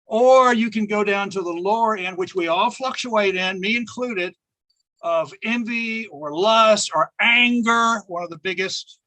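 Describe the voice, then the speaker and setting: A man's voice: high voice, unhurried, bright, forceful tone. A man in his seventies giving an emphatic spiritual talk to an audience, repeating phrases and laughing often as he tells a personal story. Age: 70s. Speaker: speaker addressing an audience.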